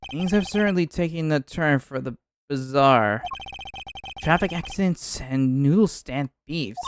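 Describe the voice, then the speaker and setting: A man's voice: a little high, lively intonation, measured pace, a little hiss or hum. Man reading as a dry young lawyer. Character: earnest young male defense lawyer.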